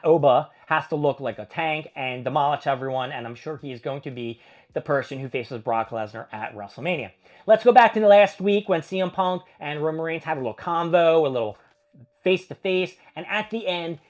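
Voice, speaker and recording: A man hosting a casual wrestling review vlog, recapping matches in a rambling, profane play-by-play and acting out what the wrestlers said. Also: on the high side.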